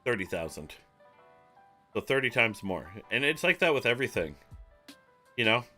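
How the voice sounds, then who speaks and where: A man's voice: medium pitch, very animated, normal speed, bright, forceful tone, faint music behind. A man streaming live, talking casually and rambling, with jokes and some swearing. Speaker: online marketing streamer. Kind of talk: casual livestream talk.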